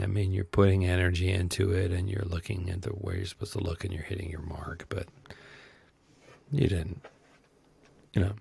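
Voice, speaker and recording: Low gravelly-voiced man chatting about movies. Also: flat delivery, darkish tone, no echo. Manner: rambling and conversational; talks slowly in a put-on accent. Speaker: podcast co-host. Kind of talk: casual movie chat.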